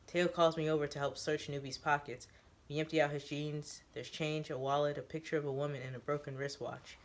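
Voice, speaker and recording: A man reading a first-person story aloud, describing the action in a steady, descriptive way. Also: on the high side, a little fast.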